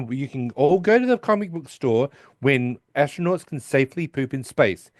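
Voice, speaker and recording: Male podcast co-host, mid pitch, dry close sound, rambling episode recap. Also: expressive, normal speed, no echo. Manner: rambling retelling, quotes characters with restarts. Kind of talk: casual chat.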